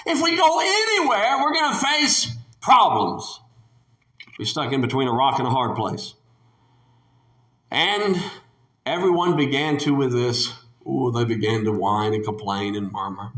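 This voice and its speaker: A man preaching a sermon in an emphatic, animated way, repeating his key phrases. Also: mid-range voice, unhurried, reverberant.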